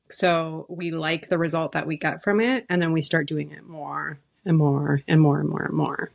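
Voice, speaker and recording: Woman, podcast co-host, casual chat, low voice, vocal fry. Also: steady tone, moderate pace, hardly any pauses. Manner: laughs lightly between phrases.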